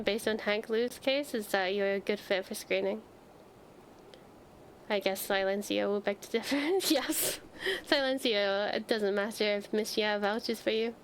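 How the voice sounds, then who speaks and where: A woman reading aloud the lines of a brisk, businesslike office manager in a game. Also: fairly high pitch, slight background noise, close to an everyday voice, poor audio. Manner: matter-of-fact, businesslike. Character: brisk office manager reviewing a new hire.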